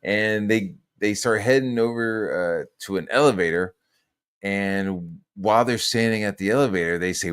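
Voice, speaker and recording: A man with a somewhat low voice talks in a loose, casual podcast chat. He rambles through his stories, swears freely and fills his pauses with ums and likes. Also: clear, resonant tone. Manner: rambling, profane storytelling with many fillers. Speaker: podcast host.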